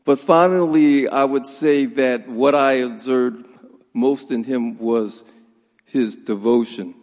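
A man, the son-in-law of the deceased, gives a formal funeral tribute in a church, measured and pausing with fillers. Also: medium pitch, steady tone, darkish tone. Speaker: son-in-law giving a eulogy. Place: large church sanctuary. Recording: long hall reverb.

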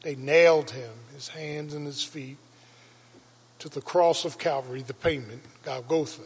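Husky preaching man in echoing church. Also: a little high, steady tone, unhurried. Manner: preaching with dramatic rises into shouts. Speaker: pastor. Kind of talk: Easter sermon. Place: church sanctuary. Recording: reverberant church hall.

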